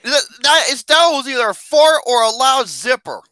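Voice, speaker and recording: A high-pitched man hosts a movie podcast with animated, swooping delivery. His tone is bright and excitable, and he teases his co-hosts loudly. The sound is dry and close. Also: normal speed, no echo. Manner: loud, excitable, teasing. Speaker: podcast host. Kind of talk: casual podcast banter.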